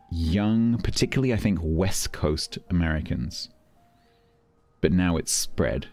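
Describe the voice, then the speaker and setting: A middle-aged Londoner with a London accent chats casually with his stream chat, explaining things and restarting often. His voice is low and a little mellow, with faint music playing in the background.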